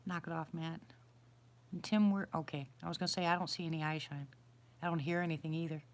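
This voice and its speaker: A middle-aged woman with a slightly low voice chats loosely on a live stream, outdoors at night. She rambles and restarts as she answers her viewers one by one, in a plain, homey way. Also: steady tone, fast talker. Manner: rambling, chatty, answers chat questions aloud. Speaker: livestream host answering viewers. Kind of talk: casual live-stream chat.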